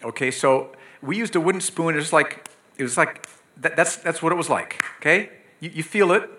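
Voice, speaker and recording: Brief: middle-aged male pastor, sermon delivery, bright forceful tone, earnest and emphatic. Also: a little high, normal speed, slight background noise. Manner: earnest, pleading, emphatic with sudden loud bursts.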